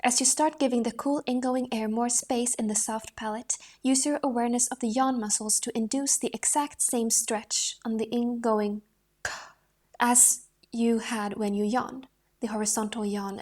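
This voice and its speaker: Woman calmly reading voice exercises. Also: a little high. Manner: calm and measured, with occasional restarts. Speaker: narrator reading a voice-training book. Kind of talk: instructional reading aloud.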